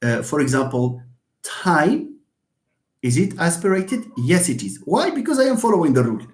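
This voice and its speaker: A man's voice: fairly high pitch, very animated, normal speed. A man lecturing live, answering his own questions and often repeating words as he thinks aloud. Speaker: university lecturer. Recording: roomy echo.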